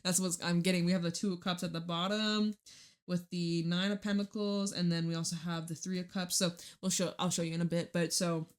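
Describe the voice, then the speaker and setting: A woman's voice: lowish voice, flat delivery, brisk. A young woman giving a casual tarot reading, rambling and laughing, swearing freely as she talks. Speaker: tarot reader.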